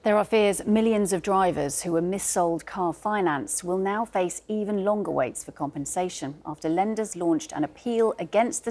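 A woman presenting the news, reading a crisp story introduction. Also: on the low side, darkish tone.

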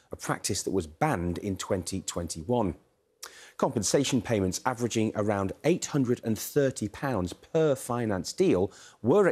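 A man reporting as a business correspondent, explaining a story in a measured news delivery. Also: lowish voice, darkish tone, slightly rough.

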